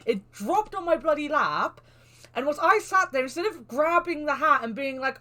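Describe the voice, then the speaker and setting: A woman's voice: high-pitched, moderate pace. Rambling woman streamer. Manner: rambling, animated storytelling. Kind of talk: casual game stream chat.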